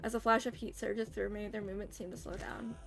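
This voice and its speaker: Gravelly young woman reading a game. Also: medium pitch, fairly even intonation, quick pace. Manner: dramatic first-person reading with casual asides. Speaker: streamer. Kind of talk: reading a game script aloud as a live stream.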